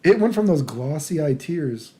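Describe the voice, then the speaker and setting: A man's voice: fairly high pitch, big pitch swings, moderate pace, mellow. Crude, rambling man telling a story. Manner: crude, rambling, lots of "dude" and "right?". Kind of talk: casual storytelling vlog.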